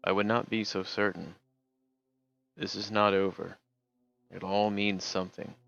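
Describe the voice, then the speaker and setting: A man reading aloud and voicing a calm, cryptic male companion who speaks in a measured, solemn way. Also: lowish voice, gravelly, no room sound, highs cut off, faint music behind.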